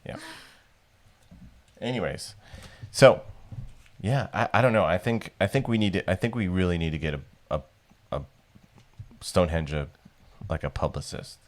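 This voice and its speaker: A man co-hosting a podcast, chatting casually with sarcastic, deadpan jokes. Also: sits low, normal speed, pauses often. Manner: joking, sarcastic, deadpan asides. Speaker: podcast co-host. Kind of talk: casual chat.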